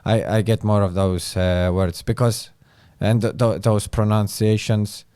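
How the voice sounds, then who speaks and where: Male comedian, hesitant guest chat, mellow smooth voice. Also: low voice, fairly even intonation, no echo, studio quality. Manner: halting, searching for words with many fillers. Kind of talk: casual podcast chat.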